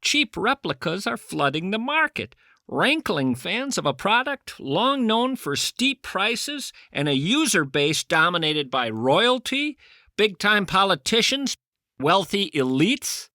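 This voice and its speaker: A man's voice: high-pitched, sing-song, slow pace, bright, forceful tone, dry recording, studio quality. A man hosting a podcast, riffing in a rambling comic monologue with theatrical mock outrage. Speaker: podcast host. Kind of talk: rambling comic monologue and prank phone call.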